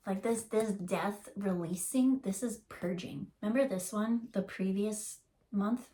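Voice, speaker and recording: A woman talks through a tarot reading in a loose, rambling way, full of "like" and "um" as she searches for words. She gets emotional and slows down to draw out the words she wants to stress. Her voice sits at an ordinary middle pitch for a woman. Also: warm tone, a little hiss or hum. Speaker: tarot reader. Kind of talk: casual channeled tarot reading.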